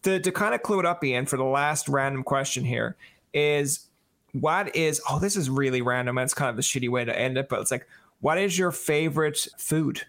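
A man hosting a casual podcast, asking questions and telling stories in an animated way, acting out quoted back-and-forth exchanges. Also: mid-range voice, normal speed. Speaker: podcast host.

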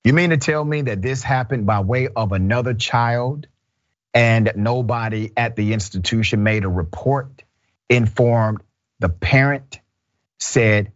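A man's voice: mid-range voice, unhurried, highs cut off. A man hosting a news commentary show, reading stories and giving emphatic opinions with rhetorical questions.

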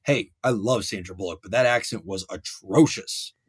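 A man co-hosting a casual sports betting chat, ranting in an animated, hyperbolic way. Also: lowish voice, slightly rough. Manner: animated, hyperbolic, rapid rants. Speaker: sports podcast co-host.

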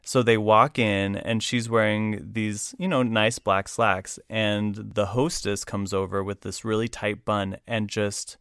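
A man's voice: fairly low pitch, level tone, a little slow, hardly any pauses, fairly bright tone, clear, resonant tone, dry recording, clean studio sound. A man hosting a podcast, telling a story animatedly and reading aloud from a book. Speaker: podcast host. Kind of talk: casual conversational storytelling.

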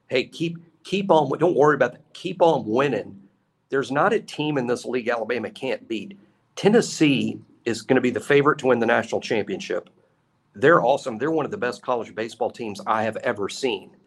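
A man co-hosting a sports talk show, analyzing the team in an earnest, emphatic way and repeating his points. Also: mid-range voice. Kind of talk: casual sports radio analysis.

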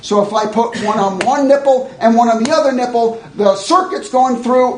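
A man's voice: very high voice, moderate pace, hardly any pauses, slight background noise. A man teaching a live workshop, blunt and joking in a conversational way to an audience. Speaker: educator. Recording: echoey room.

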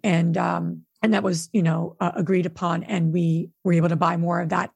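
A woman's voice: on the low side, little pitch movement, normal speed, gravelly, a little mellow, slightly rough, dry recording. A middle-aged woman and podcast co-host, candidly telling a story in a casual conversation. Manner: candid, storytelling, emotional at times. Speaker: co-host, real estate investor.

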